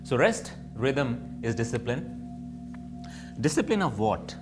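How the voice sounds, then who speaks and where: A man's voice: medium pitch, sing-song, takes it slowly, over music. A man teaching yoga, reflective, asking and answering his own questions. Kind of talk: spoken yoga lesson.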